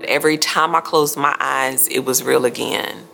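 A woman recounting a traumatic night in an interview, speaking softly and hesitantly with many quiet mm-hmms. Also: very deep voice, fairly even intonation, moderate pace, gravelly, over music. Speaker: crime survivor interviewee. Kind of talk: emotional first-person recounting.

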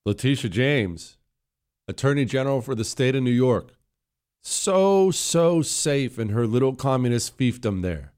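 A man's voice: mid-range voice, expressive, measured pace, a little mellow. A man hosting a political commentary show, scornful and emphatic with sarcastic asides. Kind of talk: opinion commentary.

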